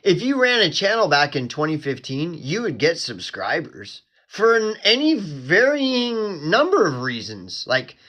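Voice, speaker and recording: A man's voice: a little high, wildly swooping pitch, unhurried, few pauses. A man hosting his own channel, rambling in a profane casual rant, full of "dude" and "bro", flaring into angry quotes. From Oklahoma. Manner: flares up into angry shouted quotes. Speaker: channel host. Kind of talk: casual ranting monologue.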